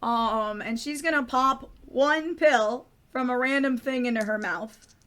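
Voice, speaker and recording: A woman running a tabletop game as game master, playful and casual, with quick asides and swearing. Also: sits high, fairly bright tone.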